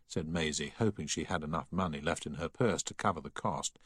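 A man narrating a story in a measured, expressive reading. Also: extremely low pitch, slightly rough, dry recording, clean studio sound. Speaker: audiobook reader.

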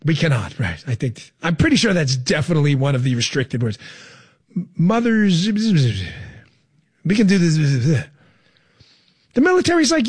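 A man hosting a political talk show from his studio, his voice sitting high for a man. He talks with emphatic, fired-up energy, punching words in loud bursts before sinking into low asides. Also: big pitch swings, normal speed, pauses often, slightly rough. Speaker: radio and podcast host. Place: studio with a co-host.

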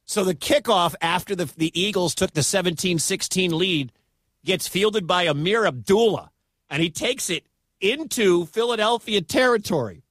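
A man calls a football game live on radio, his high voice rising into shouts when the play gets big. The sound is dry and close, with no room around it. He rushes through the action with plain excitement. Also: dry recording. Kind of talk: live radio sports commentary.

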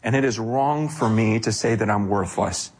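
A man preaching a sermon, animated, acting out quoted voices, often repeating himself as he restarts. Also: on the low side, normal speed. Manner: frequent self-corrections and repeated words. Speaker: pastor.

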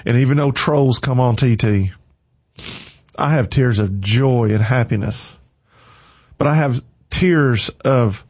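A man's voice: mid-range voice, slightly rough, dry recording. A man giving an emotional, preachy faith talk on a livestream, with a slightly dull lo-fi sound.

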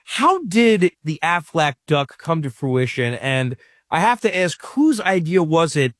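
Man, host, enthusiastic, long questions, slightly high voice, dry close sound. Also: sing-song, a little slow, fairly bright tone, no echo. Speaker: interview host. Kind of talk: interview questions.

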